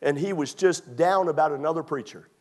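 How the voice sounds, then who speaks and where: Preaching at a fairly quick pace, a Maryland pastor keeps his fairly high voice loose and chatty, sprinkling in jokes. In his sermon he swells with emphasis to press a point.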